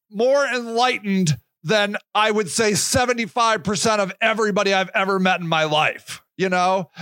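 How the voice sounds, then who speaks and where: Rambling, profane solo podcast host, male, high pitched, dry close-up sound. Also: sharp tone, no room sound. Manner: rambling, profane, self-interrupting.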